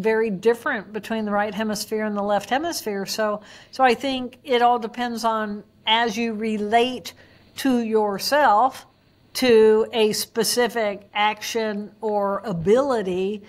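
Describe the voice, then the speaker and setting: A woman with a somewhat high voice appears as a guest neuroanatomist in an interview. She explains things in an animated way, slipping into quick acted-out voices to illustrate her points.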